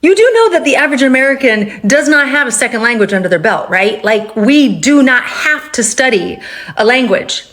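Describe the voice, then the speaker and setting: A woman from California speaks fast and emphatically in a casual vlog to camera. Her voice sits high, and she keeps it lively. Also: slight background noise. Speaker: app user speaking to camera.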